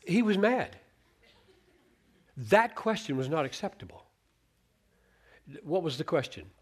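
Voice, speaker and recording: A man's voice: a little high, big pitch swings, measured pace, slightly rough. A man preaching a sermon on a Bible passage, earnest, restarting words as he thinks aloud and acting out the quoted lines.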